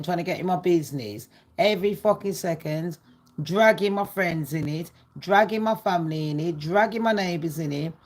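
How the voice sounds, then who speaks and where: A woman vlogging gossip in a ranting, sarcastic monologue full of swearing and scorn. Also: lowish voice.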